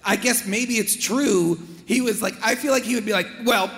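A man's voice: sits high, moderate pace, a bit bright. A man co-hosting a casual movie discussion, enthusiastic and blunt. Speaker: podcast co-host. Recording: roomy hall, faint background noise.

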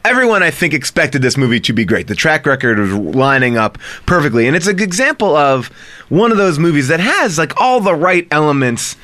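A man with a somewhat high, lively voice talks movies on a podcast, laughing often and passing on trivia. His tone is bright and forceful in a dry studio. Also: fairly quick, no room sound. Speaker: podcast co-host. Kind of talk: casual movie chat.

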